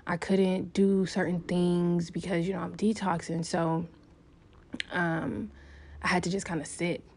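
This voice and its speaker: A woman's voice: lowish voice, flat delivery, unhurried, darkish tone, slightly rough. A woman talking casually and openly to camera, rambling with lots of fillers as she shares a personal story. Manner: rambling, many "like" fillers, open and confessional. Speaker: vlogger.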